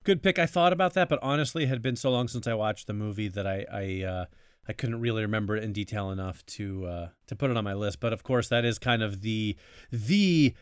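A man's voice: on the low side, clean tone, no room sound, clean studio sound. A man co-hosting a podcast, chatting easily and laughing often. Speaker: podcast co-host. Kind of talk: casual podcast chat.

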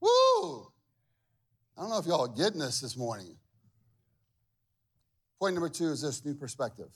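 A male pastor preaching a sermon, animated and conversational, with humor and acted-out quotes. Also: fairly high pitch, a little fast, breathy edge. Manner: acts out quoted voices with big swings in loudness.

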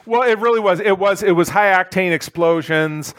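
A man's voice: high-pitched, normal speed, a bit bright, no room sound. A man co-hosting a casual chat, reviewing a movie in a blunt, rambling way with lots of fillers and restarts. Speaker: podcast co-host, movie reviewer.

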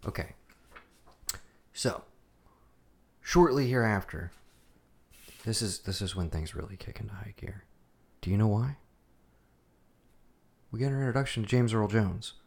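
A man co-hosting a casual movie-review podcast. His voice sits fairly low, and he talks in an animated, profane way, slipping into the characters' lines as he retells scenes. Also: unhurried, pauses often. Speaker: podcast co-host.

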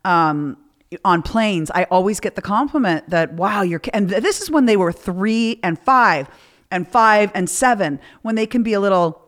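A woman in relaxed conversation, sharing frank personal stories. She slips into the voices of the people she quotes and keeps an easy, mid-range pitch. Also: normal speed. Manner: candid storytelling with acted-out quotes. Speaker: podcast guest. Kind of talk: casual chat.

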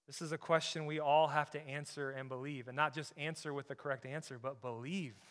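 Male pastor, sermon, bright clear voice, slightly high, emphatic then hushed. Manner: emphatic preaching, drops to soft intensity on key points.

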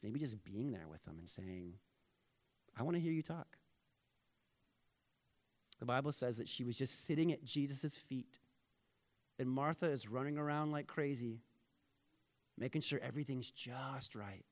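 A male pastor giving a sermon in a relaxed, conversational way. He jokes easily with the room and turns earnest when he makes his point, and his voice sits at an ordinary male pitch.

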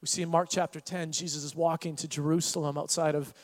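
Animated high-voiced male preacher. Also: quick pace, long reverb tail. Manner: animated, acts out the voices of Bible figures. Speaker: pastor. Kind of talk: sermon.

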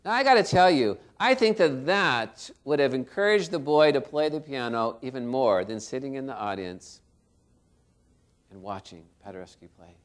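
A man preaching a sermon as pastor, telling a story and swinging between loud and soft. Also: medium pitch, expressive, moderate pace.

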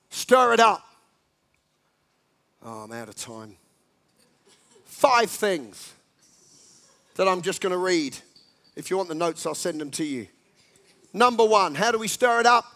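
Male preacher with a high voice, emphatic and repetitive, swinging from quiet asides to loud calls to action. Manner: emphatic, repetitive exhortation with sudden loud rallying cries. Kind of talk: sermon.

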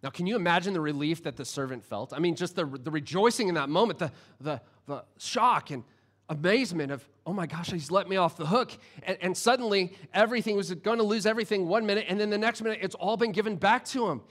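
A man preaching a sermon, retelling a parable in an earnest way with halting restarts. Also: high-pitched, fairly bright tone. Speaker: pastor.

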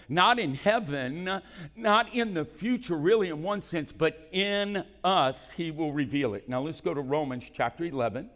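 A male pastor preaching a sermon, moving between calm scripture reading and loud, shouted exhortation in a church. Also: fairly high pitch, big-room sound. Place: church hall.

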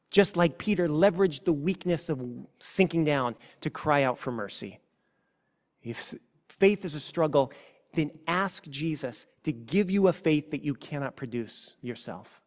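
A man preaching a sermon as a pastor, earnest, moving between hushed and forceful passages. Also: a little high, moderate pace. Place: church sanctuary. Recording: long reverb of a church hall.

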